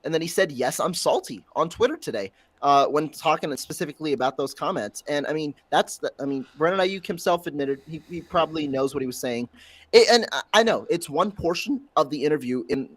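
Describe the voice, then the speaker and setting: A man co-hosting a casual sports talk show, explaining his view in a measured way. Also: a little high, lively intonation, no echo. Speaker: co-host.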